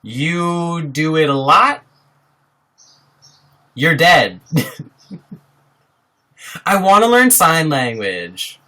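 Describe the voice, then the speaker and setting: Iowa guy livestreaming, bright forceful voice, reads chat out loud n laughs a lot, close mic. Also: on the high side, sing-song, very slow, pauses often. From Iowa, USA. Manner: chatty, reads viewer comments aloud and answers them, laughs often. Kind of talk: casual live-stream chat.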